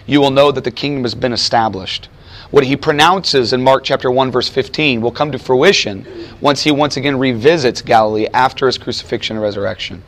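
A man preaching a sermon to a room of students, conversational and emphatic. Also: mid-range voice. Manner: conversational, emphatic, voices quoted figures. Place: chapel or lecture room with audience.

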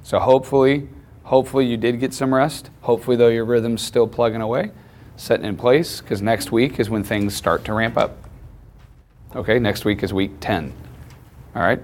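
A man's voice: medium pitch, fairly even intonation, normal speed, a little mellow, a little hiss or hum. A man teaching a class, lecturing in a conversational way and often checking in with questions.

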